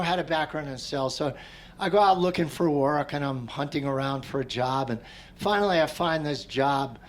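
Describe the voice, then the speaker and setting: A middle-aged man teaching a meditation class, telling a personal story in a relaxed, conversational way and often clearing his throat. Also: fairly high pitch, slight background noise. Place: large tent at an outdoor gathering.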